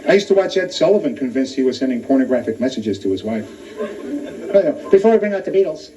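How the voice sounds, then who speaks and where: A man doing a stand-up comedy routine in a comedy club, working the crowd between quick punchlines. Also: mid-range voice, sing-song. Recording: distant lo-fi club recording. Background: audience laughter.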